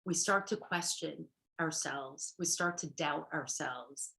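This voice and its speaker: Woman therapist, middle-aged, chatty workshop talk, sharp bright tone, echoey room. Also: low voice, slow, gravelly. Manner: chatty, laughs often, checks in with "right?" and "okay".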